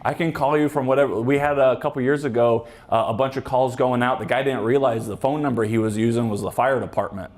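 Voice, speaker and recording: A man's voice: mid-range voice, fairly even intonation, fast, hardly any pauses, a little mellow. A man, a police officer giving a casual talk to a club, joking and rambling with many fillers and restarts. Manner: joking, chatty, acts out quoted voices.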